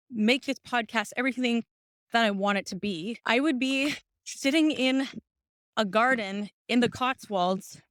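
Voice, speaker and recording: A woman's voice: fairly high pitch, fairly bright tone, dry recording, studio quality. An out-of-breath woman hosting a podcast, chatting casually and encouragingly while walking outdoors, recorded on a phone. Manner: upbeat, encouraging. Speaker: podcast host. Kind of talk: casual stream-of-consciousness talk. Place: outdoors on a walk up a hill.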